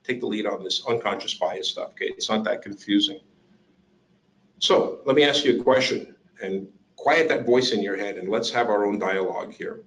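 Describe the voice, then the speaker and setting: A man presenting an interactive workshop, animated and coaxing the audience to join in. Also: lowish voice, moderate pace, poor audio. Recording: online webinar.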